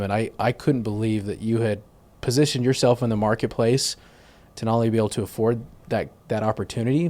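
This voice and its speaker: A man's voice: fairly low pitch, warm tone. A man, a sales manager, talking as a guest in a conversation, earnestly explaining and praising a partner's work. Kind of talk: casual interview conversation.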